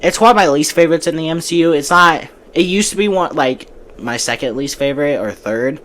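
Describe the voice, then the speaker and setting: A man's voice: a little high, a little fast, fairly bright tone. Casual chatty man hosting a podcast. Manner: chatty, breezy opinions with frequent restarts. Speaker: podcast host. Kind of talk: casual movie podcast chat.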